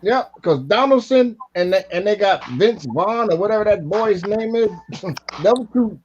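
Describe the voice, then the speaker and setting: High-voiced, rambling man on muffled audio. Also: lively intonation, unhurried. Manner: laid-back, rambling and colloquial. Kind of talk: casual live chat. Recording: dull, muffled audio with faint noise.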